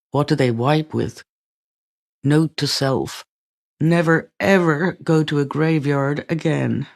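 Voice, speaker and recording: Man reading a memoir aloud, dry and steady. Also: medium pitch, creaky. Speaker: audiobook reader.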